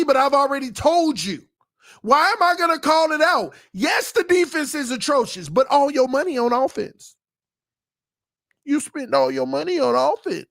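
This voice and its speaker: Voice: sits high, creaky, fairly bright tone, dry recording, studio quality. A sports podcast host ranting heatedly to the live chat, making points emphatically and repeating them for emphasis. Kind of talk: livestream rant to the chat.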